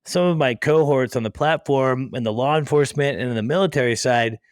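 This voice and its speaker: Male podcast host, mid-pitch, casual rambling chat, dry studio sound. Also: a little fast, clean tone, no echo. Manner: chatty, rambling, self-deprecating.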